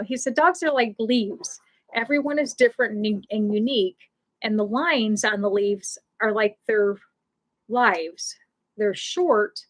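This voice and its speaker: A middle-aged woman hosting a casual pet loss support livestream from home, rambling, often restarting her sentences and laughing. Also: on the high side.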